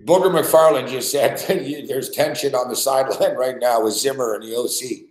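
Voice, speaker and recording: A man's voice: medium pitch, normal speed, reverberant. A man ranting in a frustrated, profane way as he reacts live to a game he has bet on. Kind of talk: casual live reaction rant.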